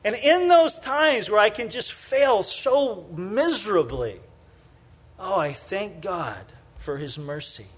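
A man with a high-pitched voice delivers a sermon in a relaxed, chatty way, peppered with "you know." He tells stories with energy, then sinks into quiet, tender emphasis on his main points. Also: takes it slowly, breathy edge. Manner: conversational preaching, many "you know" fillers; shifts from lively storytelling to soft, hushed emphasis. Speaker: pastor.

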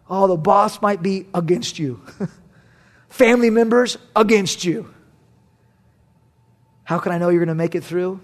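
A man preaching a sermon to his congregation, animated and swinging from loud bursts to hushed near-whispers. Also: high voice, moderate pace, pauses often. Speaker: pastor.

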